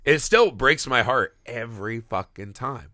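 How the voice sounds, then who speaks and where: A man co-hosting a casual podcast chat, animated and swearing freely as he acts out scenes. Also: mid-range voice, a little slow, dry recording, clean studio sound. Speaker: podcast co-host.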